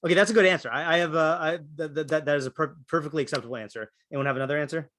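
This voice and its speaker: A man's voice: fairly high pitch, very fast, a bit bright, a little hiss or hum. A man teaching a Torah class, thinking aloud through many fillers and restarts while calling on students. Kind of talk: interactive Torah class discussion.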